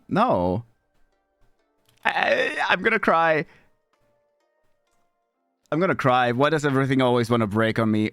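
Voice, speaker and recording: A young man talks to his stream chat from a home setup, frazzled and grumbling about tech that keeps breaking. His voice sits at a middle pitch and jumps into squeaky, cursing outbursts. It sounds close and dry, with faint music under it. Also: fairly bright tone, smooth, dry recording. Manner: scattered and exasperated, swearing at tech trouble; jumps between mumbles and high squeaky outbursts. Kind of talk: live stream chat with viewers.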